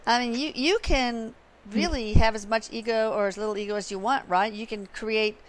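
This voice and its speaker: A woman's voice: a little high, fairly even intonation, normal speed. A woman hosting a casual interview, giving brief affirmations and asking playful follow-up questions. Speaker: host.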